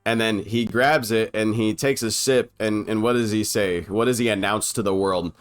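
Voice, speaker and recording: A man's voice: lowish voice, steady tone, moderate pace, clean tone. A young man giving casual, comedic commentary over an old film, irreverent and profane, laughing often.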